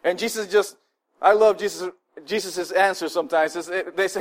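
High-voiced animated male preacher. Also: normal speed. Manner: conversational preaching with frequent fillers and restarts; animated, acts out the people he quotes. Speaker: pastor. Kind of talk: sermon.

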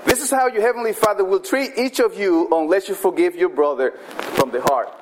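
A man with a fairly high voice preaches a sermon in a loose, conversational style. He keeps circling back with "I mean" and slows down to stress key points. A faint hiss of noise sits under the recording. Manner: conversational, repeats "I mean", emphatic slowdowns. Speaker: pastor.

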